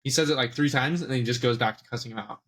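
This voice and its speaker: A man's voice: mid-range voice, very fast, a bit bright. A young man co-hosting a podcast in casual chat, retelling scenes by acting out the lines. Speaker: podcast co-host.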